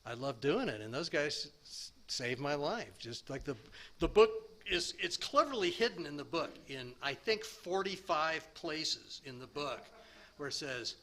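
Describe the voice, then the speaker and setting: A man in his sixties sharing his recovery story at a meeting, rambling and self-deprecating, with halting restarts. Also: on the high side, very animated, bright, forceful tone. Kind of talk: personal recovery share.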